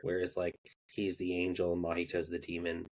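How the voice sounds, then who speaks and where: A man co-hosting a podcast, giving his view in casual discussion with a flat, measured delivery. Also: low-pitched. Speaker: podcast co-host.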